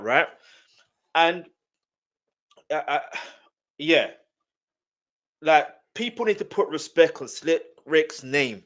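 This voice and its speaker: A man from South London, with a South London accent and a fairly high pitch, chats loosely on a reaction livestream. He's animated and rambling and keeps repeating his phrases.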